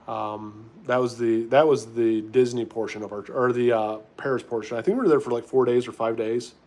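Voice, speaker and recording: A man chatting on a live stream in a relaxed, offhand way. He reads viewer questions aloud and answers them straight away at a middling pitch. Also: fairly quick. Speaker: livestreamer in recovery. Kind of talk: casual live-stream chat.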